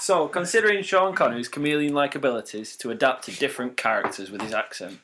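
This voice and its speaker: A man's voice: medium pitch, quick pace, pushed and bright, slight background noise. A man hosting a comedy panel quiz, laughing often and praising answers. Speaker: quiz host.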